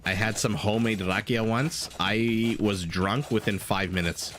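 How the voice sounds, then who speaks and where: Casting a strategy game live, this man speaks in a lowish, fairly bright voice with fairly even intonation and a measured pace, over a little hiss or hum. He's chatty, reads viewer chat aloud, and laughs a lot between play-by-play calls, with a non-standard English accent that rounds "dollar."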